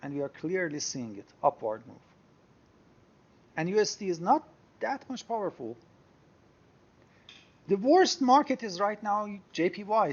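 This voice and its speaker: Lively high-voiced man explaining charts. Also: lo-fi sound. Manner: explanatory, thinking aloud while clicking through charts. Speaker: trading software instructor. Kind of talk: screen-share tutorial.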